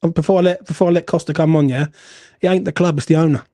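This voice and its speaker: A man's voice: fairly high pitch, steady tone, racing, mellow, dry recording, clean studio sound. A man hosting a football fan show, blunt and swearing as he rants. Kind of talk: heated fan call-in chat.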